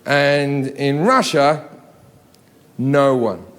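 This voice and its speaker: A man's voice: mid-range voice, extremely slow. A man in his thirties doing a profane, ranting stand-up comedy set on a theatre stage into a handheld mic. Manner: profane, ranting, ramps up to shouting. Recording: live theatre with audience. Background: audience laughter.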